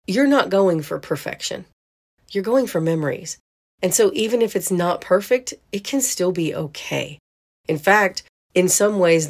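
A woman's voice: lowish voice, darkish tone. A woman hosting a podcast, telling a story in a chatty way and laughing as she goes. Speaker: podcast host. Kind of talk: casual storytelling monologue.

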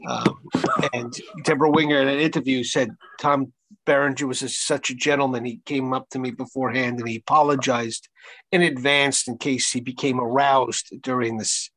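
A man co-hosting a casual chat, telling stories in a dry, deadpan way. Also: medium pitch, normal speed, no room sound, rough recording. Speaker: podcast co-host.

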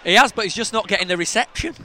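A man's voice: high-pitched, expressive, very fast, pushed and bright, slight background noise. A man with a Yorkshire accent co-hosting a podcast, bantering and teasing in casual slang. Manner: jokey, teasing, blokey slang. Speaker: podcast co-host.

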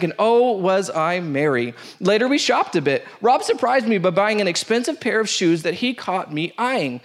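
A man hosting a show, reading a funny first-date story aloud with lively, laughing delivery. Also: sits high. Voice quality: animated, breaks into laughter, shouts out the quoted lines. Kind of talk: comic storytelling read aloud.

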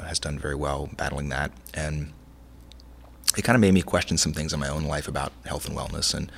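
Middle-aged male chef guest, deep gravelly voice, chatty and meandering in conversation. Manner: rambling, many restarts, animated storytelling. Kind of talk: casual interview conversation.

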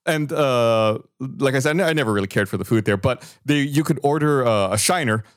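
A man's voice: medium pitch, a little fast, no echo, clean studio sound. A man co-hosting a podcast, telling stories in casual chat and getting heated over old grievances. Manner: animated storyteller, gets heated retelling grievances. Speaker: podcast co-host. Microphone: studio mic, remote recording.

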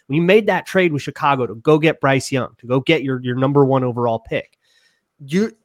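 A man's voice: medium pitch, no room sound, studio quality. Opinionated man ranting on a podcast. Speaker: podcast co-host. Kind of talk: sports talk podcast.

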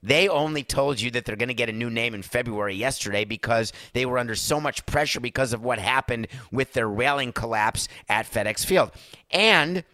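A man's voice: medium pitch, moderate pace, bright, forceful tone, dry recording, studio quality. A man hosting a sports talk show, delivering an emphatic, sarcastic monologue. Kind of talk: opinionated sports radio monologue.

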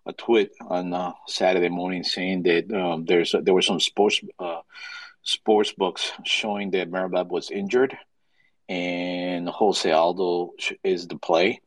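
Stumbling male caller, low dry voice. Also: flat delivery, a little slow, no room sound, rough recording. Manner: hesitant, stumbling, aggrieved. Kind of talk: casual chat.

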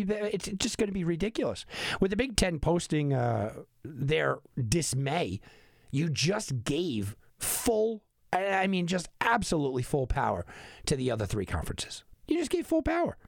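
A man's voice: fairly high pitch, dry recording, studio quality. A man hosting a sports betting podcast, delivering an exasperated, sarcastic monologue with emphatic repetition. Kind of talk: animated opinion monologue.

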